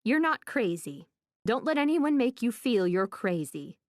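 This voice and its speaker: A woman voicing a kindly, matter-of-fact old woman psychic in an audiobook, speaking slowly and soothingly. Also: a little high, very animated, dry recording, clean studio sound. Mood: reassuring. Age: older. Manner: slow, soothing, motherly, calls everyone dear.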